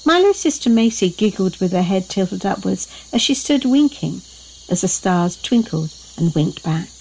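A woman's voice: medium pitch, big pitch swings, moderate pace, creaky, darkish tone, slight background noise, poor audio. Woman reading a children's bedtime story.

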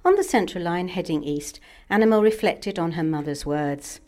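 A woman hosting and narrating a bedtime story in a measured, scripted reading. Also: fairly low pitch, darkish tone. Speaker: host and narrator.

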